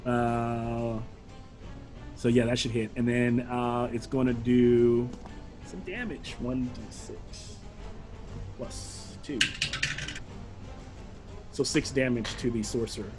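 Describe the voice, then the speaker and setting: A man's voice: medium pitch, fairly even intonation, takes it slowly, long pauses. Give me a man acting as game master for a tabletop session. He narrates loosely and rambles, leaning on plenty of fillers. Faint music plays behind him.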